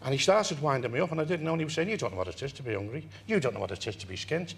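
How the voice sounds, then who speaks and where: Animated older man telling a tale. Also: medium pitch, rapid-fire, gravelly. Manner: animated, laughs through his own story. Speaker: interview guest. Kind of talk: anecdotal storytelling.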